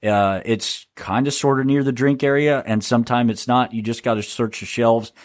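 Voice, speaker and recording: A man's voice: medium pitch, fairly even intonation, moderate pace, no room sound. Man, podcast host, sarcastic, rambling, stammering, dry close mic. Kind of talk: solo podcast monologue.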